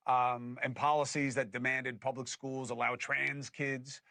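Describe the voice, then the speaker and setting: A man's voice: mid-range voice, little pitch movement, a little slow, creaky, bright, forceful tone, no room sound. A man hosting a political commentary show, arguing his points emphatically and putting things in plain terms. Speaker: host.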